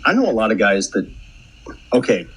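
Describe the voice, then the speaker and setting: A man in casual podcast chat, halting and restarting his sentences, with dry humor. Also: fairly low pitch, sing-song, a bit bright, husky, poor audio.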